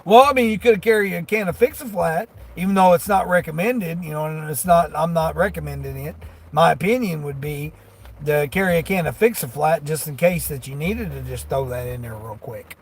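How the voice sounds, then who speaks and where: This man's voice is a little high and husky, and he talks briskly. He's a delivery driver on a live stream from his vehicle, chatting casually with viewers, rambling folksily and laughing often.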